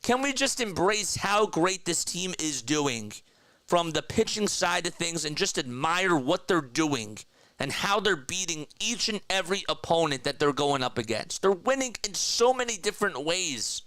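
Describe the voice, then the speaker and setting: A young man hosting a casual baseball fan livestream, excitedly talking to his chat. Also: on the high side, moderate pace, no echo. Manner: excited, animated, talks to chat as "bro" and "man". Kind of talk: casual post-game fan talk, reading chat.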